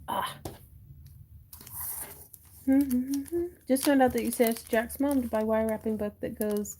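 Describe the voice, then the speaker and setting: A woman's voice: fairly high pitch, takes it slowly, long pauses, noisy background. A woman hosting a crafting livestream from home, chatting casually, giggling and reading viewer comments aloud.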